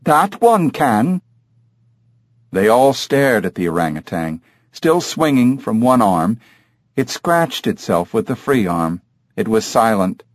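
Man reading a thriller audiobook, slow, lots of pitch movement, dry booth. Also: animated, no echo. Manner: measured storytelling. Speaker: audiobook narrator. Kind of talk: scripted narration.

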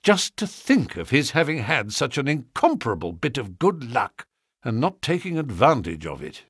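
A man voicing a brilliant, impatient Victorian detective with a crisp, commanding manner in an audiobook. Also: mid-range voice, huge pitch swings, moderate pace, fairly bright tone, no echo, clean studio sound, exaggerated voice. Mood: brisk. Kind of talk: audiobook character reading.

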